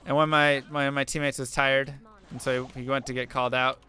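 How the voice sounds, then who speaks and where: A man's voice: medium pitch, little pitch movement, fairly quick, bright, forceful tone, smooth. A young man streaming to viewers, talking through an earnest, rambling story full of fillers as he chats. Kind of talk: casual chat while gaming.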